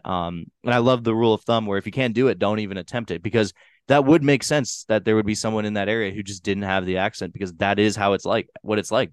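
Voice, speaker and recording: Man, New Hampshire accent, podcast host, rambling casual chat, fairly low voice, dry close sound. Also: clear, resonant tone, no room sound. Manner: loose, rambling, swears casually. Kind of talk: casual movie review chat.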